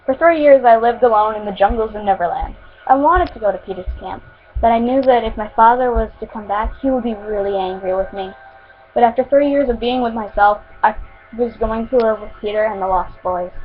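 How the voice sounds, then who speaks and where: A woman's voice: fairly high pitch, brisk. A woman reading her own fan fiction aloud at home, stumbling now and then and restarting words. The recording sounds tinny and phone-like. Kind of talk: homemade story reading.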